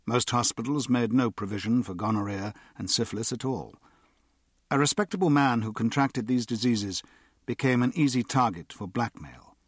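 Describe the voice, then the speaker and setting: A man reading an audiobook as narrator, steady and even. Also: medium pitch, moderate pace, slightly rough, dry recording, studio quality. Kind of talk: scripted narration.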